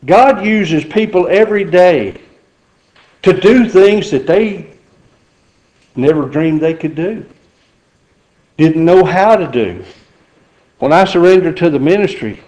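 A man's voice: fairly high pitch, darkish tone, rough recording. A middle-aged man preaching a sermon in a folksy, joking way. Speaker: pastor.

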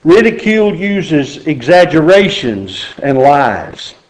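A man's voice: a little high, big pitch swings, slow, poor audio. A middle-aged man preaching a sermon in a folksy, joking way. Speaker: pastor.

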